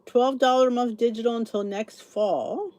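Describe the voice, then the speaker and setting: A middle-aged woman hosts a podcast, her voice a little high and slightly mellow at a normal pace, with no room sound. Sleepy and yawning, she rambles through a casual chat, thinking aloud as she reads and answers live comments.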